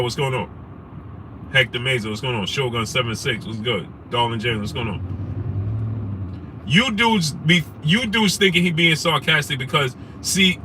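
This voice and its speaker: Inside a noisy car, a sports talk show host with a higher voice launches into an animated rant. His casual live-stream commentary includes reading chat names and asking rhetorical questions again and again.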